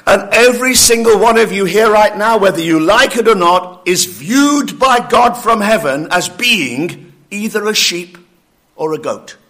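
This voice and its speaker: A man preaching a sermon in a church, emphatic and challenging, slowing down to stress his points. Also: high-pitched, lively intonation, a bit bright. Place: church building.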